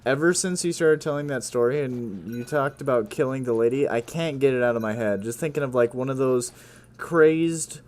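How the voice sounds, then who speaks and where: A man's voice: medium pitch, normal speed. A man in casual gaming chat who cracks wry jokes and laughs often. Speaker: gamer and podcast co-host. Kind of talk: casual chat while playing a game.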